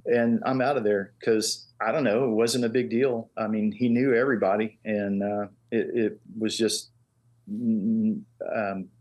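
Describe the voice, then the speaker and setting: A man's voice: fairly low pitch, a little slow, dull audio. An older man, a guest, telling stories in a casual chat and acting out the voices of people he quotes. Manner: animated storyteller who acts out quoted voices. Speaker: guest, master engraver. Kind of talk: casual storytelling.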